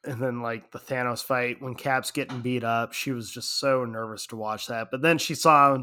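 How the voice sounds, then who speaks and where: Bright-voiced man telling an animated story. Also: medium pitch, moderate pace. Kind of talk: casual chat.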